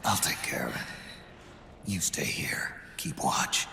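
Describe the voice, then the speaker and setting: A man voicing a terse old male soldier in a game, speaking low and clipped, often half in a whisper. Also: big pitch swings, a little slow, slight background noise, exaggerated voice. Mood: concerned. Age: older. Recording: echoey, loud game music behind.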